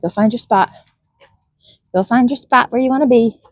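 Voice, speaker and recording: A woman's voice: a little high, normal speed, dry recording. A woman training a donkey outdoors, talking to it in a soothing, coaxing way that often drops to a whisper, with asides to the viewer. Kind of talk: coaching an animal with asides to camera.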